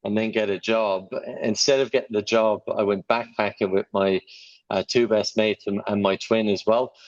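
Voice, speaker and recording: A man in his thirties with a mild Irish accent softened by years in Australia and England, telling his story in a relaxed, chatty way as a podcast guest. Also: lowish voice, moderate pace, lo-fi sound. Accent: mild Irish, softened by Australian and English. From Ireland. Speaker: guest, sales professional. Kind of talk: conversational podcast interview.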